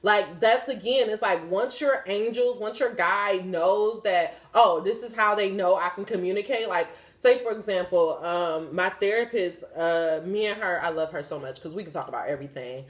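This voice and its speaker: A woman's voice: mid-range voice, moderate pace, few pauses. Frank, rambling woman in an echoey room. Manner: rambling and profane, with many fillers. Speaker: podcast host. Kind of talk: candid spiritual chat. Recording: roomy echo.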